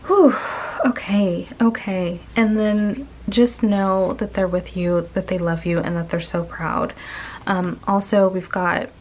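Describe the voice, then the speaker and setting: A woman giving a casual spoken tarot reading to her viewers, gentle and searching, pausing often and restarting her sentences. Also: medium pitch, steady tone, slight background noise. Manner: slow, gentle, searching, with many pauses and restarts. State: tearful, emotional. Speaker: tarot reader.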